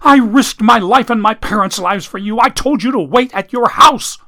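A man voicing a sharp-tongued young woman, scolding and sarcastic, in a high put-on voice. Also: brisk, close to an everyday voice. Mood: furious.

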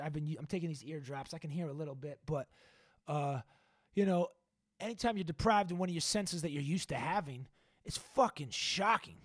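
A man's voice: sits high, fairly bright tone, dry recording, clean studio sound. Profane rambling man on a podcast mic. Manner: profane, rambling, laid-back slang. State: ears clogged, unsure of own loudness. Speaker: podcast and radio host. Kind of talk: casual monologue.

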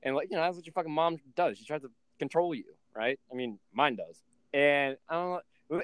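A man hosting a casual podcast, telling stories in an animated, profane way. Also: fairly high pitch, brisk, clean tone, no room sound. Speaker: podcast host and trading coach.

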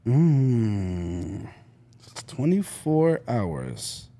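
Lively comedian, animated pitch. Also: male voice, drawn-out words. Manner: animated, jumps into impressions. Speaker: comedian guest. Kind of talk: casual podcast chat.

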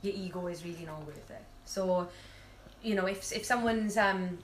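A woman's voice: on the low side, moderate pace, slight background noise. Chatty young woman, distant roomy mic. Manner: chatty, many fillers and restarts. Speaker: podcast guest, jiu-jitsu fighter. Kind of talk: casual chat, storytelling.

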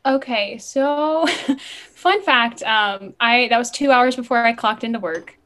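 A young woman on a podcast as a guest, a former ride skipper, chatting casually and telling stories fast and eagerly, often laughing. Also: a little high, fairly bright tone. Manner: bubbly, quick storytelling with laughs.

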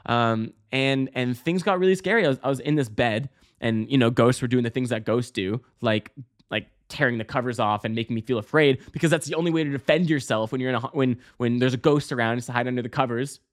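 A man hosting a podcast, telling a story casually with lots of fillers, restarts and swearing, breaking into loud high yelps. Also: fast. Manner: bursts into loud high-pitched exclamations when acting out scenes. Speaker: podcast host.

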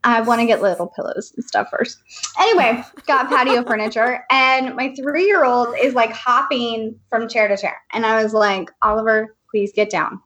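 Chatty, higher-voiced woman co-host. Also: moderate pace. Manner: animated, chatty storyteller. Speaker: podcast co-host. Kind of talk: casual chat, storytelling. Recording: muffled lo-fi audio.

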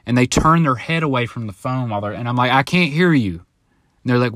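Casting note: man in his thirties, solo podcast host, rambling and profane, average pitch, dry close mic. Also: animated, a little fast, a bit bright, no room sound. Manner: rambling storyteller, swears freely, acts out other voices in quotes. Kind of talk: casual solo podcast monologue. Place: home, now living in Southern California.

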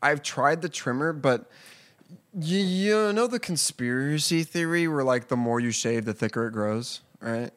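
A man's voice: fairly high pitch, animated, measured pace, a bit bright. A young man co-hosting a podcast, rambling and swearing in casual chat. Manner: rambling, profane, often laughing. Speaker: podcast co-host.

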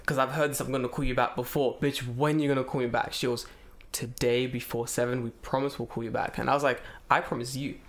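A man's voice: mid-range voice, quick pace. A man telling a story in casual, profane chat, acting out the other people as he retells it. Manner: animated, profane, acts out voices in retelling. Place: lives in Japan.

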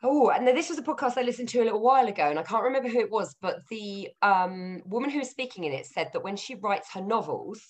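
A woman's voice: medium pitch, animated. A woman from England co-hosting a podcast, chatting casually and laughing easily. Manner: chatty and giggly, quick to laugh. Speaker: podcast co-host.

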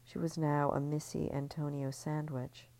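A woman reads a serialized story in a hushed, intimate manner. Her voice is low and dark, with a steady gravelly fry running through it. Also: normal speed, rough recording. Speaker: narrator. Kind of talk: scripted audiobook narration.

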